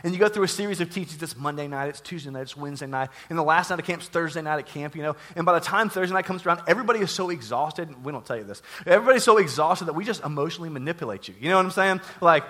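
A young adult man preaching a casual, jokey sermon, acting out quotes with lively energy. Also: fairly high pitch, racing, hardly any pauses. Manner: animated, jokey, acts out quotes. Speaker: pastor.

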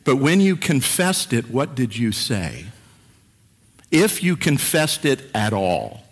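A man's voice: mid-range voice, very animated, takes it slowly, husky. Preaching man in an echoey church. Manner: earnest preaching with rhetorical questions to the congregation. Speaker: pastor. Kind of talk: sermon.

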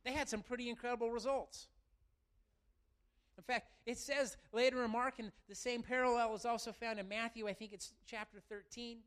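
A man preaching a sermon to his church, animated and talking straight to the congregation. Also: very high-pitched, moderate pace. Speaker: pastor.

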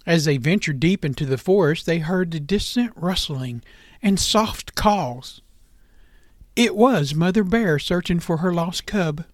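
Man, children's storyteller, gentle and expressive; high voice, dry close sound. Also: dry recording.

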